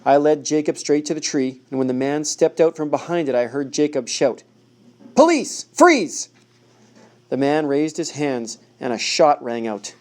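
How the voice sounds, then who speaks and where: A man reading a first-person novel aloud in a steady, measured way. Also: a little high. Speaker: audiobook narrator.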